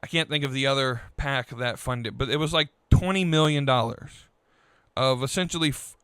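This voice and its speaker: A man hosting a podcast, venting in a frustrated, halting political rant full of restarts. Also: mid-range voice, a bit bright, smooth, no room sound. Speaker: podcast host.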